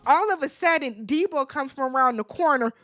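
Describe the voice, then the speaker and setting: A woman hosting a casual reality TV recap, talking in an animated, dramatic way with slangy asides. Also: sits high, brisk.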